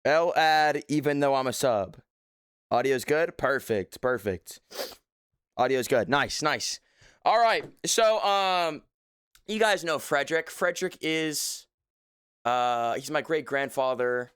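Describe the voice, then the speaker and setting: A man's voice: mid-range voice, lively intonation, slow, a bit bright, clean tone, no room sound, studio quality. A young man hosting a casual livestream, joking and playfully mock-serious, talking from a few feet back from his desk mic at his home setup. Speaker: livestream host.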